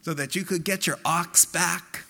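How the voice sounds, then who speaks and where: A pastor preaching a sermon with impassioned, emphatic delivery, climbing into high quoted exclamations. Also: male voice, fairly even intonation, measured pace, gravelly, bright, forceful tone.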